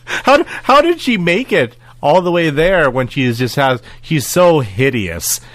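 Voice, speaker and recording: Male co-host, expressive and giggly recapper, very lively intonation, dry close mic. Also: a little high, a little slow, no echo. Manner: animated, acts out character lines, giggly. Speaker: podcast co-host. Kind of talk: casual review chat.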